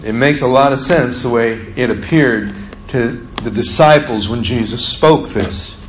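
A male pastor preaching a sermon with animated delivery, acting out the scripture. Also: mid-range voice, measured pace, roomy sound, slight background noise.

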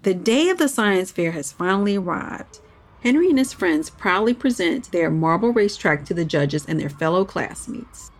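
A woman's voice: lowish voice, animated, normal speed. A woman narrating a children's story podcast and hosting the show. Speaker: narrator and host.

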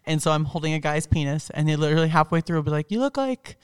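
A woman's voice: low-pitched, monotone, very fast, smooth, dry recording, studio quality. A woman in her thirties, a guest in a casual interview, who laughs often, swears freely and acts out voices in her stories.

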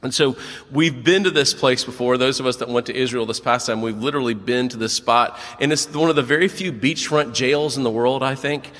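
Animated man preaching in a reverberant church. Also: medium pitch, brisk. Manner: animated storytelling, acts out quotes. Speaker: pastor. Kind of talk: sermon.

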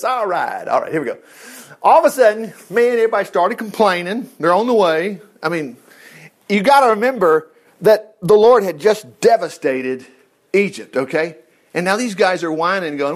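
A man teaching a folksy Bible study, animated and acting out the voices of people in the story. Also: high voice, a little fast.

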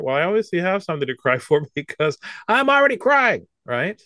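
A man's voice: high voice, big pitch swings, a little fast, few pauses, pushed and bright, no echo. A man in his fifties, a comedian guesting on an interview, who talks in a rambling, joking way with many restarts. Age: 50s. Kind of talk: casual interview talk.

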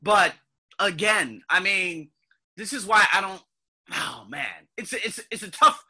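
Animated husky man telling stories. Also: sits high, takes it slowly. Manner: animated, profane, rambling with restarts. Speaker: ESL podcast host. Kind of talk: casual storytelling monologue.

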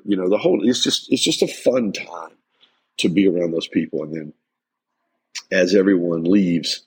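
A middle-aged man with a very low, gravelly voice speaks earnestly on a motivational podcast. His tone is husky and he pushes his points with emphasis, often restarting his sentences. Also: normal speed, poor audio. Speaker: life coach and podcast host.

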